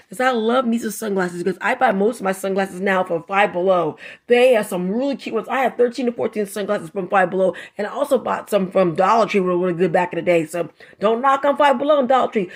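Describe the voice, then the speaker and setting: A woman hosting a casual craft vlog, reviewing a coloring book in a chatty, effusive, sassy way and laughing often. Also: medium pitch. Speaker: craft channel host.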